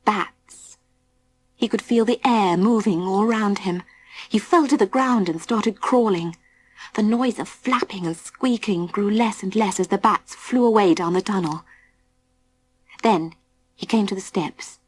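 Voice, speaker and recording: A woman narrating a children's storybook in a gentle, suspenseful, often hushed way. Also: mid-range voice, a little slow. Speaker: audiobook narrator.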